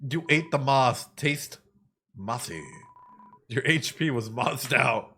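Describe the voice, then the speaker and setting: A man, a psychologist, giving excitable let's play commentary, exclaiming and musing aloud. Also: medium pitch, slow, a little hiss or hum. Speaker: psychologist playing a game on stream.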